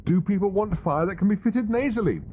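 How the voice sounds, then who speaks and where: A woman's voice: medium pitch, lively intonation, a little fast, warm tone, pitched above the performer's own voice, close to an everyday voice. A man voicing a strident young marketing woman who talks firmly and insistently, on a hissy old tape. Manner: firm, insistent, officious.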